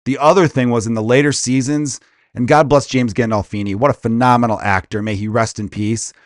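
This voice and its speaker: A man hosting a comedy podcast, ranting casually in a crude, profane, animated way and slipping into quick impressions. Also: medium pitch, dry recording, clean studio sound.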